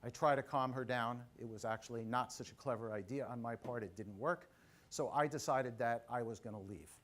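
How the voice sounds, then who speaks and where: This is a motivational keynote by a middle-aged man whose voice sits in the mid range. Standing on a conference stage in front of a live crowd, he animatedly tells a personal story, drawing listeners in with asides and questions.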